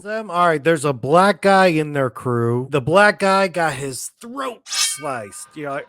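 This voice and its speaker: A man's voice: on the high side, animated, unhurried, background noise. Laid-back slangy man recapping a movie. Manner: laid-back, slangy, laughing, acts out characters' lines. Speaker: movie kill-count commentator. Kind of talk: casual movie recap commentary.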